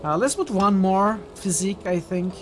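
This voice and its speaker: A man's voice: sits high, normal speed, a little hiss or hum. Man musing over gameplay. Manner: thinking aloud, hesitant with fillers. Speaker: streamer. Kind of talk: casual gameplay commentary.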